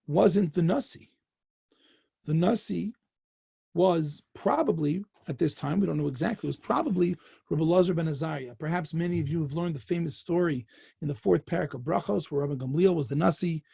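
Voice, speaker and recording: Husky, gravelly rabbi teaching a lesson. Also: male voice, on the high side, moderate pace, pauses often, mellow, dry recording, clean studio sound. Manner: storytelling, rising to fervent emphasis. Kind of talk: Torah lesson.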